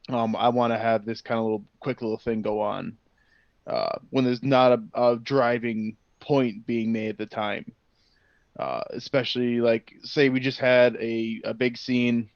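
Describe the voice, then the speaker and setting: A man speaking on a casual tabletop game panel, relaxed and halting with fillers. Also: mid-range voice, no echo. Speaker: panelist, player. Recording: dull dry lo-fi sound.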